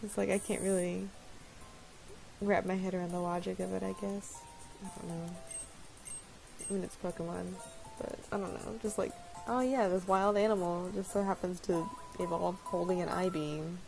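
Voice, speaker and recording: A woman's voice: lowish voice, steady tone, moderate pace, creaky, over music, rough recording. A woman giving casual, rambling commentary while playing a game, often apologizing and laughing at herself. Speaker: let's-play host.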